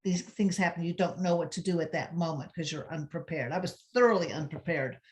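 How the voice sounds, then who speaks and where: A woman's voice: fairly low pitch, a little fast, darkish tone. Woman, parenting educator, earnest, reassuring, webinar chat. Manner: earnest, recounts her own experience and reassures parents. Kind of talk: conversational webinar talk.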